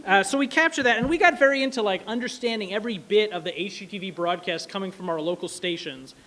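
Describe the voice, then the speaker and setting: A man telling a casual, animated story to an audience, full of fillers and asides. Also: high-pitched. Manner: quick, animated, many fillers. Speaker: speaker at an anniversary event.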